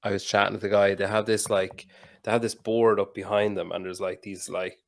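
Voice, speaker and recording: A man hosting a podcast, telling a story with animated quoted dialogue and plenty of swearing. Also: fairly low pitch, brisk, vocal fry. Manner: animated anecdote-telling, swears freely, mimics people in quotes. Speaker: podcast host. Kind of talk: casual podcast conversation, storytelling.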